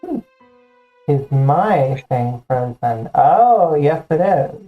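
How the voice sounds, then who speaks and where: A woman's voice: low voice, lively intonation, extremely slow, phone-quality sound, faint music behind. A woman hosting a stream, chatting casually with a friend and joking playfully. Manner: playful, jokey banter. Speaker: streamer host. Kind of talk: casual chat on a game stream.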